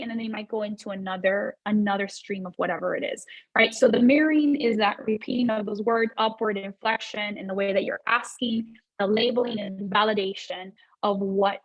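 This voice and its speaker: Woman, workshop presenter; mid-pitched, dry close sound, chatty delivery full of restarts and "um"s. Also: fairly even intonation, fairly quick, hardly any pauses, no echo, muffled recording. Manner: conversational, many fillers and restarts, repeats for emphasis. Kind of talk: business workshop talk.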